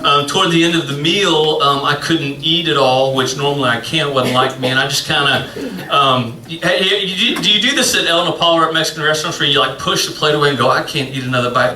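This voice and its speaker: A man's voice: medium pitch, recorded from a distance. A man, a pastor telling a rambling, self-mocking story in a sermon, full of fillers. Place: church sanctuary. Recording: echoey room, voice from off-mic.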